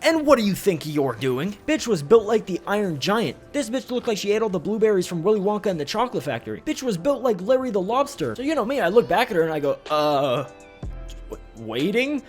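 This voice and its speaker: A man's voice: sits high, sing-song, fast, few pauses, a little mellow. A young man from Canada telling a profane, rambling comedic story over gameplay. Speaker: gaming channel host. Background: faint background music.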